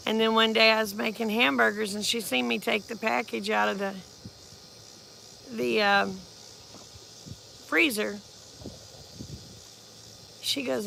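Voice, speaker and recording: A woman's voice: a little high, fairly even intonation, takes it slowly, creaky, pauses often, a bit bright, a little hiss or hum. A woman, chatting folksily about her farm in a casual storytelling vlog. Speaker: farm vlogger.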